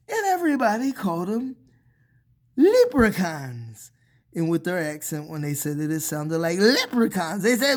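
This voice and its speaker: A man telling a made-up tale to children in a playful, expressive way. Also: extremely high pitch, moderate pace. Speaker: children's storyteller. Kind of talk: storytelling for children.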